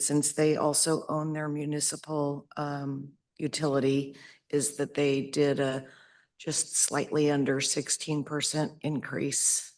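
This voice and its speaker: Commissioner, mid-pitched, flat and even, measured explanations. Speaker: city commissioner. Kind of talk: public meeting remarks.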